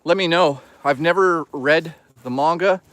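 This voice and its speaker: A man's voice: on the high side, measured pace, fairly bright tone, no room sound. Joking man streaming from the woods. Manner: joking, loose and teasing with chat. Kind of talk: casual livestream chat. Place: outdoors in the woods.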